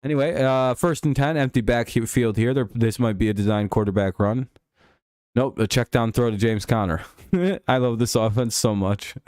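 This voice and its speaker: Smooth and medium-pitched, this streamer speaks at a normal speed, calling a football game play by play in a relaxed way while swearing and joking casually with viewers. Clean studio audio, no room sound.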